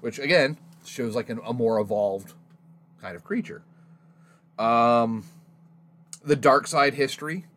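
A man's voice: mid-range voice, measured pace, pauses often, fairly bright tone. A man co-hosting a casual podcast, talking films in an opinionated, profane way. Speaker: podcast co-host. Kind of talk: casual film discussion.

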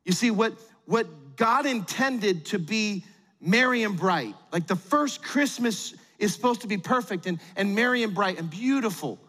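A middle-aged man preaching a sermon as pastor, animated and acting out quotes in little voices. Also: high voice, unhurried, long reverb tail.

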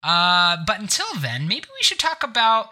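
A man hosting a live gaming podcast, telling bits in a playful, animated way. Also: sits high, normal speed. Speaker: podcast host.

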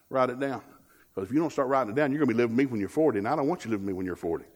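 A man preaching a lively, joking sermon as a guest speaker, with a husky voice. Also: mid-range voice, rapid-fire.

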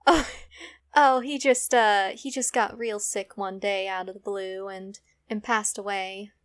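A woman's voice: medium pitch, steady tone, unhurried, dry recording. A woman playing a character in a tabletop game, in a breezy, evasive way. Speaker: player.

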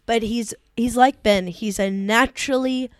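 A woman's voice: fairly high pitch, steady tone, unhurried, no echo, clean studio sound. A woman co-hosting a casual podcast, gushing and playful, swearing casually. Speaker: podcast co-host. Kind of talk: casual chat.

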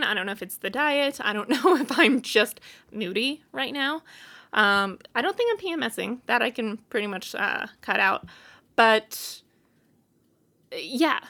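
A woman's voice: fairly high pitch, pushed and bright. A woman hosting her own show, talking casually and bluntly, candid and exasperated as she vents. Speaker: podcast host. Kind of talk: casual solo venting.

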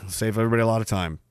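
A man's voice: fairly low pitch, no room sound, studio quality. A man hosting a podcast, reading out comments in a sarcastic, profane, rambling way. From Canada. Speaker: podcast host. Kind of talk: casual livestream chat reading comments.

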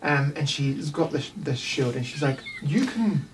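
A man's voice: mid-range voice, level tone, moderate pace, recorded from a distance, a little hiss or hum. A man with a New Zealand accent narrating a tabletop game as game master, rambling with frequent ums.

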